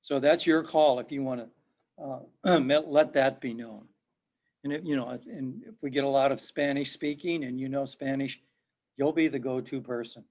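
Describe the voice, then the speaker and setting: A middle-aged professor gives an online class lecture in a conversational manner, repeating himself and quizzing his students. His voice is medium-pitched and slightly dark, at a moderate pace.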